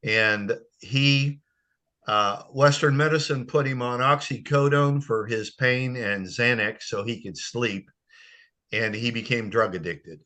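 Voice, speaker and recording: An older man telling a personal testimony on a video call, halting and choked with emotion. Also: fairly low pitch, pushed and bright. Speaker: guest sharing a testimony.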